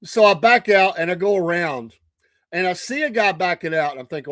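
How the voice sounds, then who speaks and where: A man's voice: high-pitched, lively intonation, normal speed, fairly bright tone, dry recording, studio quality. An older man with a Southern US accent telling a casual story on his morning show, chatty and laughing often.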